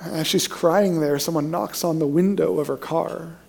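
A young man preaching a sermon from the pulpit, his voice sitting noticeably high for a man. He tells stories and acts out the people he quotes, his pitch climbing with each pleading line. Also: a little slow, creaky, darkish tone, breathy edge. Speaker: pastor.

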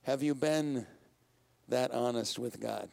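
A man's voice: medium pitch, slow, gravelly, a little mellow. A man, preaching a sermon as pastor in a conversational style, putting questions to the congregation and laughing often.

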